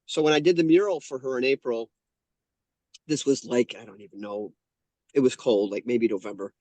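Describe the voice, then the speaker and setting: A man's voice: medium pitch, moderate pace, darkish tone, no echo. A man in his fifties, a guest telling a heartfelt personal story in an interview, earnest and often correcting himself mid-sentence. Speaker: guest, painter and channeler.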